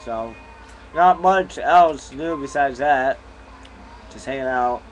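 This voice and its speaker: A man's voice: medium pitch, slow, a little hiss or hum, rough recording. A young man casually vlogging from a bedroom at home, rambling in an easygoing way while chewing gum, recorded on a camera mic. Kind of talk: casual vlog chat.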